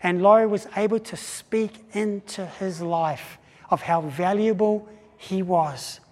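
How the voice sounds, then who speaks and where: High-voiced man preaching in a reverberant hall. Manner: animated, acts out quoted voices with pauses and restarts. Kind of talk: sermon storytelling.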